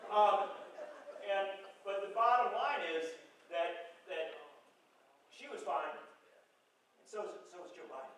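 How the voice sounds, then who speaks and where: Journalist in his sixties, high-voiced, rambling and funny, heard from far off in an echoing hall. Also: slow, pauses often, a bit bright. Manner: rambling, joking, acts out quoted people. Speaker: journalist and guest speaker. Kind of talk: humorous public talk to a local audience. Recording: echoey hall from far off, faint noise.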